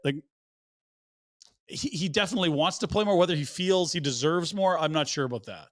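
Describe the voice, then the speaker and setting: A man co-hosting a casual sports podcast, talking in a measured, analytical way and giving context and numbers. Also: on the high side, no room sound, clean studio sound. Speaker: podcast co-host.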